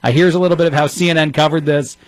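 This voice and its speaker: A man's voice: a little high, steady tone, no echo. A man in his thirties hosting a radio talk show, giving opinionated commentary with a sarcastic edge and many fillers. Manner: sarcastic, rapid-fire delivery with frequent fillers.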